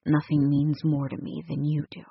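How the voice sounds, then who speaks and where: A woman voicing a gruff but tender young male rancher in an audiobook, speaking low and hushed. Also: completely flat delivery, normal speed, no echo, muffled recording, full character voice.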